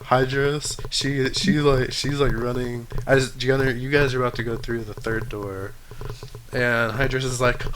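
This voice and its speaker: A man's voice: mid-range voice, flat delivery, a little slow, background noise. Casual man narrating a tabletop game. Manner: casual, rambling, with restarts. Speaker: game master.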